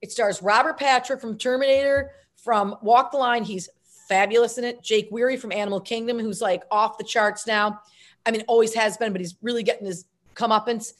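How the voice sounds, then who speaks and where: A middle-aged actress and filmmaker telling stories as an interview guest, lively and self-mocking, jumping between tangents. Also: female voice, fairly high pitch, brisk. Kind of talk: casual interview storytelling.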